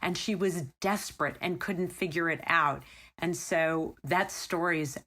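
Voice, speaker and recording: Woman host, lower voice, attentive and reflective interviewer. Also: measured pace. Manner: warm listener, frequent murmured agreement. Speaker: podcast host. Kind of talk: interview conversation.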